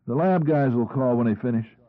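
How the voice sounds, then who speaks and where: A man reading an audiobook, voicing a brisk male police officer who gives instructions. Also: medium pitch, no room sound, pitched above the performer's own voice, lightly acted. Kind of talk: audiobook narration. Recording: tinny phone-like, husky, dry.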